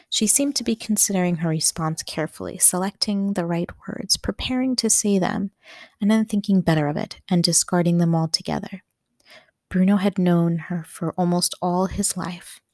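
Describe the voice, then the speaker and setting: Woman narrating a storybook, steady measured pace, lowish voice, dry close mic. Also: no room sound. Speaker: audiobook narrator. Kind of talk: audiobook reading of a novel.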